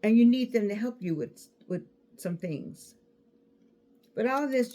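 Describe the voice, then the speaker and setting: A woman in her sixties giving a casual motivational talk. She is animated, repeats her words and bursts into laughter, and she mentions a toothache. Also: a little high, unhurried, pauses often. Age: 60s. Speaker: speaker addressing an audience.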